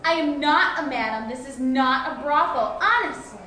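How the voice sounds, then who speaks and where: Casual read: woman voicing a huffy prim lady, high lively voice, echoey room, chatter behind. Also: normal speed. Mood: indignant. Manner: indignant, exclamatory. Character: prim smart woman buying a parrot.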